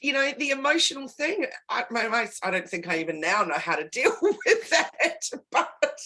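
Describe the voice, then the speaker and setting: A woman's voice: a little high, very animated, moderate pace, sharp tone. Candid, emphatic woman in casual chat. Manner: candid and emphatic, repeats words for stress. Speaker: guest and business consultant.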